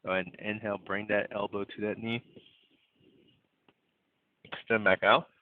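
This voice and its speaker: A man's voice: fairly low pitch, level tone, moderate pace, no echo. Male yoga instructor, playful breath cues, tinny phone-like sound, dry. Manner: gentle cueing of breath and poses, playful. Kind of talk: guiding an online yoga class.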